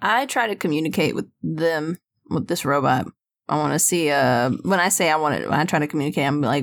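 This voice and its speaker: Woman player, casual and halting, tabletop game. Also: sits low, lively intonation. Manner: hesitant, many fillers and restarts.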